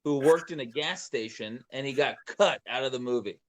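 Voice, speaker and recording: A man guesting on a podcast, telling casual stories in a quick, offhand way. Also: mid-range voice. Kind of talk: casual chat.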